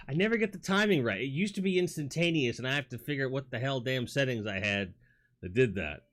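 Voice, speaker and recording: A man's voice: mid-range voice, animated, fairly quick, a bit bright. A man with a New York accent hosting a casual livestream from home on a studio mic, rambling, reading chat aloud, with lots of fillers and restarts. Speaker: livestream host. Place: home toy room. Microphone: studio microphone.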